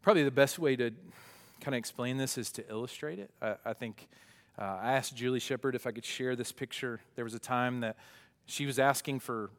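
A man's voice: medium pitch, fairly quick. A male pastor giving a conversational sermon, with asides and self-corrections as he talks. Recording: long reverb of a hall.

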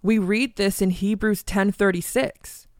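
A woman co-hosting a Bible teaching podcast, reading scripture slowly and deliberately. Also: medium pitch, fairly even intonation, darkish tone, no echo, studio quality.

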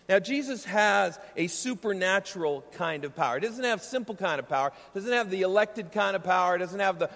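Man, pastor, sermon, high voice, earnest teaching, slows for emphasis, long hall reverb. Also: lively intonation, a bit bright.

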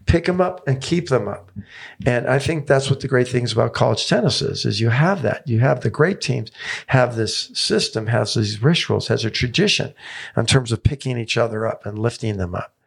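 Older man in his seventies, tennis coach, gravelly husky voice, eager storytelling, repeats himself for emphasis. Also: medium pitch, animated, moderate pace. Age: 70s. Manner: enthusiastic, repeats phrases for emphasis. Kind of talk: podcast interview guest telling stories.

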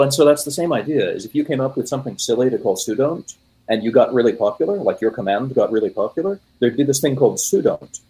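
A man in casual conversation, explaining software history with wry, musing asides. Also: mid-range voice, slightly rough, poor audio. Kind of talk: casual tech chat.

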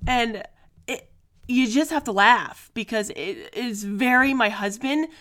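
A woman's voice: fairly high pitch, slow, a bit bright. A woman hosting her own podcast, telling family stories in a chatty way, often laughing and using fillers. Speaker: podcast host. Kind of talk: casual solo podcast storytelling.

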